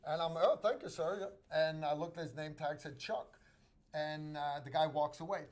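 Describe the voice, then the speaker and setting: A man's voice: on the high side, little pitch movement. Chatty American man telling a story. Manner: rambling, halting storyteller with many restarts. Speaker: host. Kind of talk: casual storytelling on a livestream.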